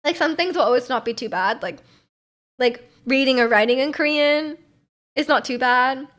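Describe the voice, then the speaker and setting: A woman's voice: high-pitched, normal speed, fairly bright tone. A young woman from North America, hosting a livestream and chatting casually in a rambling, giggly way with lots of fillers. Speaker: livestream host. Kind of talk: casual stream chat.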